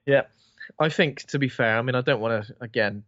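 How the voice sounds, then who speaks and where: A man's voice: mid-range voice, brisk, fairly bright tone. A man, co-hosting a casual film chat, rambling and swearing freely as he acts out bits of dialogue. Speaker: podcast co-host. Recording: dull dry lo-fi sound.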